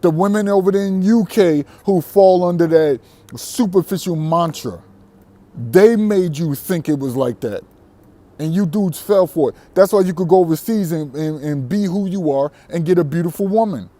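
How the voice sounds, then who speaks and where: A man's voice: sits high, moderate pace, warm tone. A man vlogging a brash, defiant monologue to camera, boastful and profane, often breaking into laughter. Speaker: vlogger on dating abroad.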